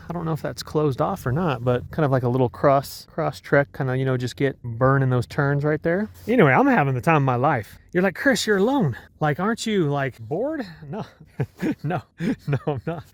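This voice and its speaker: A man's voice: medium pitch, slight background noise. A man from Colorado talking casually and enthusiastically to his camera while out on a ski mountain, rambling between observations. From Colorado, USA. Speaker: vlogger. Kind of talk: casual vlog narration. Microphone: handheld phone and action camera.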